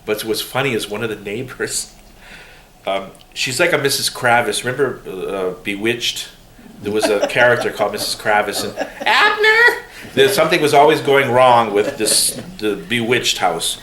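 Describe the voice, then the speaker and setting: A middle-aged man telling family stories in a casual, animated way during an oral history interview, with laughter. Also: fairly low pitch, normal speed. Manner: animated, laughing, mimics voices when quoting. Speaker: interviewee's son. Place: room in a museum. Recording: roomy room with faint hiss.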